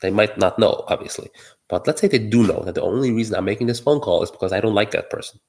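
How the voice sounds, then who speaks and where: A man's voice: lowish voice, fast, gravelly, a little mellow. A man giving solo political commentary, arguing his point while thinking aloud, with many fillers and restarts.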